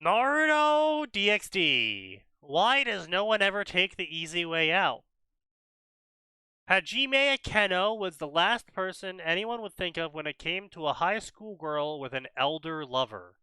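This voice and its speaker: Bright, sarcastic young-sounding man. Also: high-pitched, lively intonation, measured pace, clear, resonant tone, no room sound. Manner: sarcastic, reads summaries aloud in a mocking tone. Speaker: co-host reading fanfiction summaries. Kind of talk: casual commentary stream.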